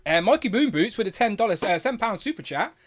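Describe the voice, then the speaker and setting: Guy with a bit of a lisp hosting a chill stream, talks fast, highish voice. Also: sing-song. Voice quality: slight lisp. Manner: chatty, jokey, quick to laugh. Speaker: livestream host. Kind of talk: casual live chat with guests.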